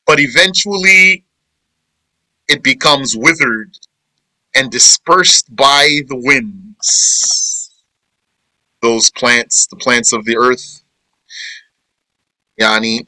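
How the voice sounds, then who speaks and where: A man teaching a verse-by-verse Quran commentary, reciting Arabic verses briskly and then explaining them slowly in English, repeating phrases. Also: medium pitch, lively intonation, sharp tone, no echo, low-quality recording. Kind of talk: verse-by-verse tafsir lesson.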